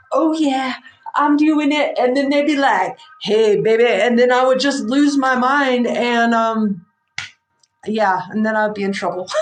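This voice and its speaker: A woman in her forties, a psychic livestream host, telling a story in a frank, rambling, animated way with slang. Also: a little high. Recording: echoey room.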